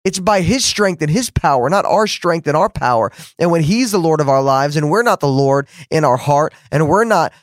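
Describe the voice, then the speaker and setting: A man's voice: on the high side, lively intonation, moderate pace, few pauses, no echo, studio quality. A man preaching a fervent podcast sermon, repeating words for emphasis and rising to exclamations.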